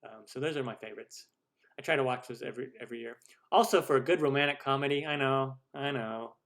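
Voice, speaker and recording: A man in his forties hosts a live question-and-answer stream, talking loosely and jokingly about himself. He rambles with lots of ums and restarts, in an ordinary mid-pitched voice. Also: fast talker, fairly bright tone. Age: 40s. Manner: chatty and rambling, self-deprecating jokes, many fillers. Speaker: cooking show host.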